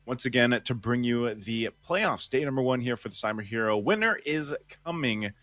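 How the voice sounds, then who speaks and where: A man's voice: mid-range voice, fairly even intonation, brisk, fairly bright tone, no echo. A man hosting live esports commentary, chatty and upbeat, often laughing with his co-caster.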